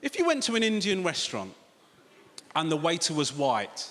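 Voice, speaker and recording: Sardonic British stand-up with a fairly high voice, heard through a big theatre's ringing echo over a clear audience. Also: male voice, huge pitch swings, moderate pace, fairly bright tone. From Britain. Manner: sardonic, sweary, addresses the crowd directly. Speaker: stand-up comedian. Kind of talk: stand-up comedy set. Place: large theatre stage. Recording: reverberant theatre with audience noise.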